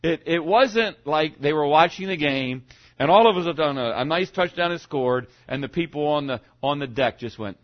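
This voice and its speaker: A man preaching a sermon to his congregation, swinging from loud to hushed as he goes. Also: on the high side, normal speed. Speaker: pastor. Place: church sanctuary. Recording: dull lo-fi sound.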